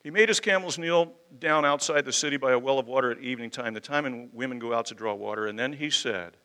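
A man's voice: mid-range voice, fairly quick, few pauses, pushed and bright, clean tone. A man preaching an expository sermon in an emphatic, conversational way, with rhetorical questions and folksy asides.

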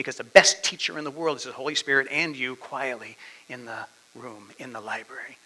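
A male pastor preaching a sermon, dramatically swinging between loud declarations and hushed asides. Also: fairly high pitch, a little fast, poor audio.

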